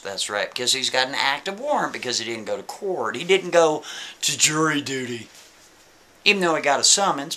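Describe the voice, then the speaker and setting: A man spins a story in a casual, folksy way, checking in with his listener as he goes. His voice sits a little high and sounds bright and sharp. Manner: folksy, conversational, keeps asking "right?".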